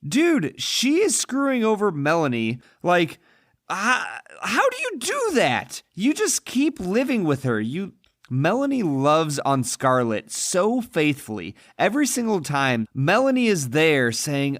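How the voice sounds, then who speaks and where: Animated, emphatic man, fairly high voice. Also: a little slow, no echo, clean studio sound. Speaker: podcast co-host. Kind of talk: casual film discussion.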